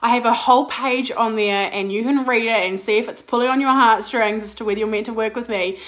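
Bubbly, excitable woman, slightly high. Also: fairly quick. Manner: bubbly and excitable, laughs and restarts often. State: slight cold, clearing throat. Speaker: business and mindset coach, podcast host. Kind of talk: excited live-stream chat.

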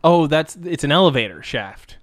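A young man in casual chat, tossing in quick jokey quips and laughing often. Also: a little high, expressive, dry recording, studio quality.

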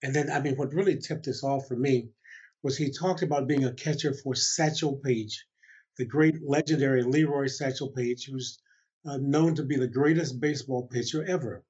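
An older man spins a long story as an interview guest, chuckling as he goes and slipping into the voices of the people he quotes. His voice has a husky edge. The recording sounds somewhat dull and lo-fi. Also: mid-range voice, steady tone, moderate pace, a little mellow. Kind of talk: storytelling in a conversation.

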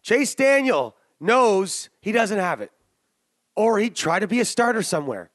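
Brash, jokey male podcast co-host, high voice, dry close sound, rambling betting talk. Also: sing-song, unhurried, a bit bright, no room sound. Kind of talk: casual sports betting chat.

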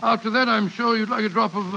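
Doctor Watson, bluff and kindly. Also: male voice, high voice, fairly even intonation, moderate pace, vocal fry, bright, forceful tone, slight background noise, heavily acted. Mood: genial. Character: Doctor Watson, genial middle-aged man playing Santa. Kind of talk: 1940s radio drama acting. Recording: dull old radio broadcast.

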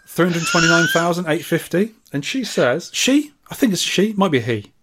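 A man's voice: high voice, sing-song, normal speed, a bit bright, breathy edge. A man co-hosting a podcast, reading listener comments and scores with wry, teasing asides. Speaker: podcast co-host.

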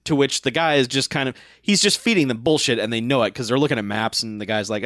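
A man's voice: mid-range voice, quick pace, few pauses, no echo, clean studio sound. A man casually chatting about a movie with a friend, chiming in with jokey quips and playful impressions. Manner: animated, jokey, chimes in with quips. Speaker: podcast co-host. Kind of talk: casual movie recap chat.

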